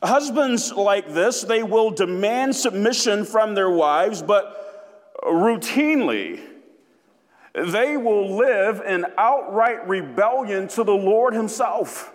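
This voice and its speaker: A man preaching a sermon as pastor, emphatic and deliberate, repeating key phrases for weight. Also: high voice, expressive, in a large hall.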